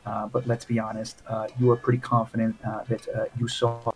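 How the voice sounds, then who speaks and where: A man's voice: on the low side, completely flat delivery, brisk, a little mellow, slightly rough, poor audio. A man running a tabletop role-playing game, narrating in a rambling way with many fillers. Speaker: game master.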